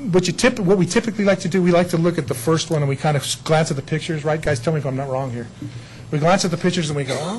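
Male pastor, casual storytelling sermon, slightly high voice, faint noise behind. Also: rough recording. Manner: chatty and animated, telling a story with jokes.

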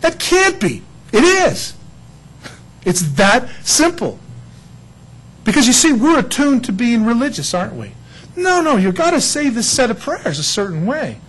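A man preaching a sermon as pastor, lively and conversational, acting out little dialogues with God. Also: very high voice, normal speed, breathy edge, low-quality recording.

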